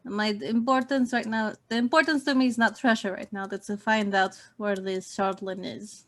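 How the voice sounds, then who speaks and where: A woman playing a tabletop game, speaking in a quiet, matter-of-fact way. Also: mid-range voice, steady tone, moderate pace. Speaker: player. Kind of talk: casual tabletop role-play.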